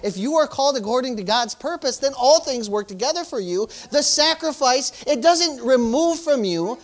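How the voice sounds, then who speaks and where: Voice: high-pitched, animated, moderate pace. A pastor, preaching informally, peppering talk with "praise the Lord" and "hallelujah," and urging the congregation emphatically. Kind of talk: sermon.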